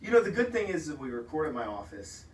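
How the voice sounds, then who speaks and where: A man's voice: fairly high pitch, big pitch swings, fast talker, reverberant, far from the mic, a little hiss or hum, low-quality recording. A man co-hosting a casual food podcast, telling stories with enthusiasm and laughing easily. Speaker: podcast co-host. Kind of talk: casual chat. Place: office.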